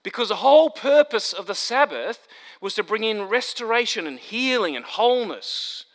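A man preaching an expository sermon, emphatic, building to stressed points and then dropping low. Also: animated, normal speed, fairly bright tone. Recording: long hall reverb.

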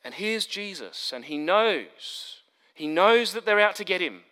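A man preaching an expository sermon, emphatic, building to stressed points and then dropping low. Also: animated, measured pace, pushed and bright. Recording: long hall reverb.

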